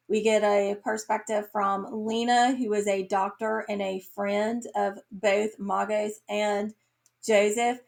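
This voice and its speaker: Slow, gravelly-voiced woman reviewing books. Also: medium pitch, a little mellow. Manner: slow, earnest, emotional. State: tearful. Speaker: book reviewer. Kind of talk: casual book review vlog.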